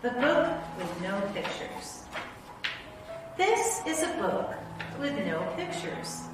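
A woman's voice: on the high side, sing-song, slow, music in the background. A woman school principal reading a silly children's book aloud to her students, with playful, exaggerated cries of mock dismay. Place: school building. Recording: very echoey room, voice far from mic, faint hiss.

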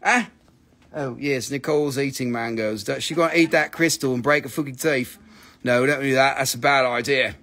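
A man's voice: medium pitch, moderate pace, a bit bright. A man hosting a live crystal sale, joking and swearing freely as he prices stones. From Appalachian region, US. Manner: joking, swears freely, slips into silly voices. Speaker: livestream crystal seller. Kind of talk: casual live sales chat.

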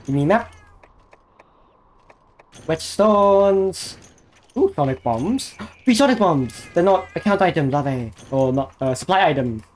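A male game streamer chatting casually to himself as he plays, easily excited and talking to the monster on screen. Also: on the high side, unhurried, long pauses. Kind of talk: casual live gameplay commentary.

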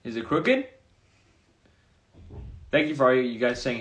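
A young man talks into his phone during a casual livestream. He drifts from one viewer comment to the next in a loose, chatty way, with a voice that sits at an ordinary middle pitch. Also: big pitch swings, unhurried, fairly bright tone. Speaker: streamer answering viewer comments.

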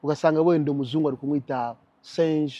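High, fast, husky young man. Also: no room sound, highs cut off. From Rwanda. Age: young adult. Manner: animated, switches into mimicked English voices. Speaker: interview guest. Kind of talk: casual interview.

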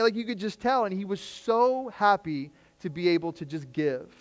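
Male pastor, higher-pitched voice, relaxed storytelling sermon, acts out quotes in conversation. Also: moderate pace, few pauses. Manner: storytelling with lively acted quotes, casual slang. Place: church.

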